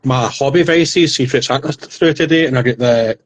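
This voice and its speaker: A man in his thirties, a podcast co-host, retelling comedy skits in a rambling, animated casual chat. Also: medium pitch, a little fast.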